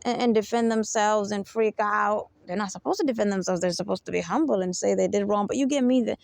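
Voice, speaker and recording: A woman's voice: mid-range voice, quick pace, vocal fry, a little mellow, no echo. A woman speaking in an unscripted advice monologue, emphatic and repetitive, often checking in with the listener. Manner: emphatic, keeps asking "you get me?". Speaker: self-help speaker.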